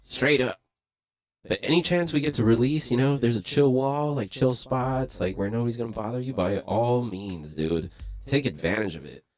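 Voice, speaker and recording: A man's voice: mid-range voice, normal speed, a little mellow, faint music behind. A young man telling a story in casual, profane talk, acting out the voices of the people he quotes. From Los Angeles. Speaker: livestream host.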